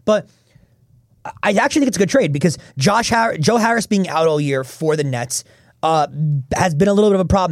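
Man, sports podcast host, fast and emphatic, slightly high voice, dry close sound. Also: no room sound. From Philadelphia area. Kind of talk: casual sports talk.

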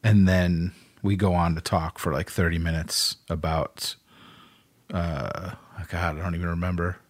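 A man's voice: low voice, flat delivery, measured pace, no room sound. A man co-hosting a podcast in casual chat, reading out listener lists with loose laughter and free swearing. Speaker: podcast co-host.

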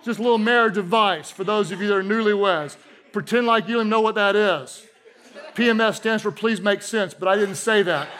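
A middle-aged pastor delivers a sermon with a notably high voice. He tells stories with humor and audience asides, speaking to a congregation in a church. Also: a little fast, a bit bright. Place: church auditorium with a live congregation.

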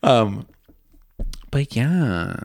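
Speaking extremely slowly in a mid-range voice, a young podcast host chats candidly and casually, gushing and expressive, sometimes lowering to whispers. The recording is clean studio sound with no room sound.

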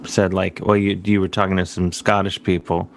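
A man's voice: deep voice, level tone, moderate pace, vocal fry, a little hiss or hum. A man from Cleveland hosting a comedy show, asking playful, teasing questions. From Cleveland, USA. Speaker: host. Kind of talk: casual comedic chat.

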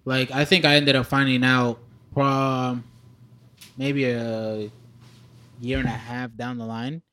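A man's voice: medium pitch, flat delivery, takes it slowly, fairly bright tone. A man in casual podcast chat, loose and profane, often restarting his sentences.

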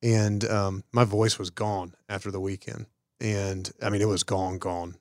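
Male co-host, low and earnest, reflective, conversational. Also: level tone, unhurried, a little mellow, no echo, studio quality. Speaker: podcast co-host. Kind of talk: casual chat.

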